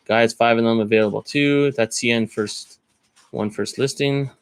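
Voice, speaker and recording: A man's voice: mid-range voice, steady tone, normal speed, smooth, dry recording. A man rambling in casual live-stream chat, thinking aloud as he browses card listings. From Canada.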